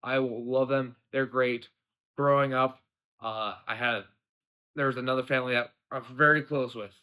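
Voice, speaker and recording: A man's voice: medium pitch, steady tone, moderate pace, bright, forceful tone, clear, resonant tone. A young American man hosting a casual political commentary show, rambling and drifting off on tangents. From United States. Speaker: podcast host.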